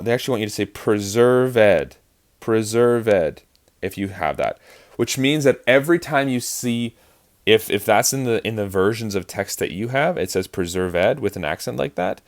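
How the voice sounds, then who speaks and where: A man explaining verse rhythm as an acting teacher, in a chatty lesson with frequent fillers and restarts. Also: lowish voice. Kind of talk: online lesson on verse speaking.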